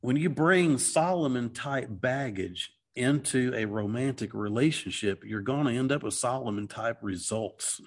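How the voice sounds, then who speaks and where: A man's voice: medium pitch, animated, measured pace, hardly any pauses. A middle-aged man talking through a Bible passage in casual discussion, earnest and rambling, with many restarts and "okay"s. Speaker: Christian teacher.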